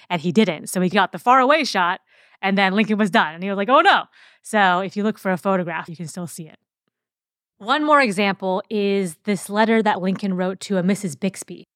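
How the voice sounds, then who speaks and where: A woman's voice: medium pitch, fairly bright tone, no echo, studio quality. A woman hosting a podcast, explaining history in a casual, conversational way with occasional fillers and restarts. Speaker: podcast host. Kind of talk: casual educational podcast talk.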